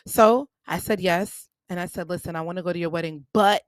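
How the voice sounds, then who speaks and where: Low-voiced woman telling a personal story. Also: brisk, no room sound. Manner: candid, conversational, acts out quoted voices. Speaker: podcast host.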